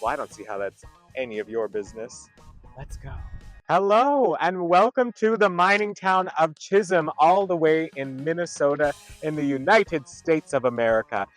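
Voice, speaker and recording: A man hosting a comedic travel vlog outdoors at roadside attractions, talking in a campy, playful way full of puns and quick asides. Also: a little high, expressive, no room sound, faint music behind.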